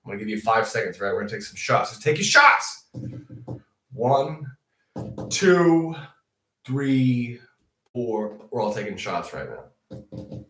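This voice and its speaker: A man's voice: mid-range voice, slow pace, pauses often. A young man hosting a comedic news show, rambling through profane stories with frequent laughter. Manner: profane, laughing, animated storytelling. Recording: echoey room, distant mic.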